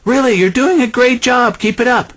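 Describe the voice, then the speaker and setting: A man voicing a male teacher who offers breezy, overly cheerful flattery. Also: very high-pitched, normal speed, pitched above the performer's own voice. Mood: chummy.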